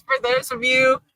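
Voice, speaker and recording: A woman's voice: sits high, sharp tone, no echo, low-quality recording. A woman co-hosting a casual comedic chat, tossing in playful, giggly asides. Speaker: co-host.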